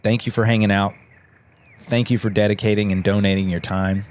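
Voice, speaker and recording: A man's voice: lowish voice, flat delivery, fairly quick. A man in his thirties, hosting a comedy show and closing it in a sincere, earnest way with joking asides. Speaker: host. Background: soft outro music.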